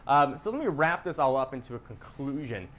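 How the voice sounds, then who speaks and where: A man presenting a scripted gadget review in a measured, explanatory way. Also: medium pitch, animated, a bit bright. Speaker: tech reviewer.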